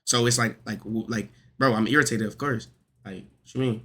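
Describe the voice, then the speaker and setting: Bright-voiced young man pleading his case. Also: fairly low pitch, fairly even intonation, brisk, breathy edge. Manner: emphatic, repeats "listen" to hold the floor, swears. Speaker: panelist in a group discussion. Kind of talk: heated casual argument.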